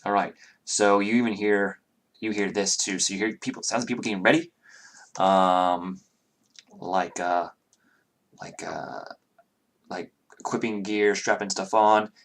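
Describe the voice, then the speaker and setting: A man's voice: fairly low pitch, steady tone, unhurried, pauses often. A man narrating as game master, rambling with many fillers and self-corrections.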